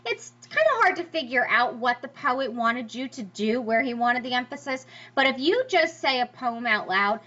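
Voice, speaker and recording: A bright, high-pitched woman teaching a class, her voice bouncing up and down as she sounds out rhythms. The recording is a little dull and lo-fi. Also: moderate pace, few pauses. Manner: lively, emphatic, sing-song stress demonstrations. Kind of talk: classroom lecture over slides.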